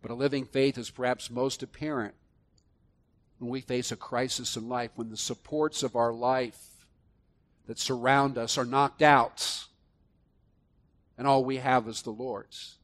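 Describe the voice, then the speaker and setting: A man preaching a sermon, moving between soft, low reflection and loud, emphatic passages. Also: fairly even intonation, a little slow, pauses often. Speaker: pastor.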